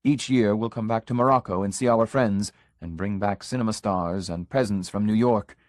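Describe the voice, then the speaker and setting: A man's voice: lowish voice, normal speed, no room sound, studio quality, lightly acted. Man voicing a boastful, volatile young suitor.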